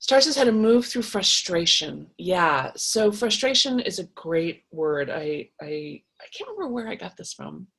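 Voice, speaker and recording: A woman with a slightly low, husky voice talks through viewer questions in a casual advice show. She speaks frankly and with animation, restarting her sentences and swearing now and then for emphasis. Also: expressive, unhurried, hardly any pauses, a bit bright. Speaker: host answering viewer comments.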